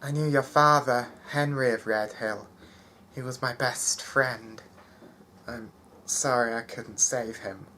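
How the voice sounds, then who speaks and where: A man voicing a short, kindly woman head medic with a southern accent, talking in a warm, fussing way. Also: medium pitch, steady tone, takes it slowly, slight background noise. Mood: concerned.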